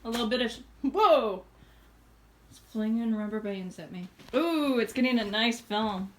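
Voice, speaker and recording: A woman vlogging casually at home, chatty and relaxed, laughing often between remarks. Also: on the high side, moderate pace. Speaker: homesteading vlogger. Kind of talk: casual chat to camera. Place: home kitchen indoors.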